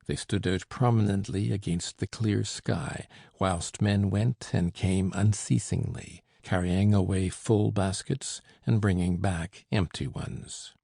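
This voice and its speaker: A man reading a classic novel aloud as an audiobook narrator, measured and slowing down for emphasis. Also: fairly low pitch, gravelly, breathy edge, no room sound, studio quality. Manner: measured, slows for emphasis, lifts for quoted shouts. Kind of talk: scripted narration.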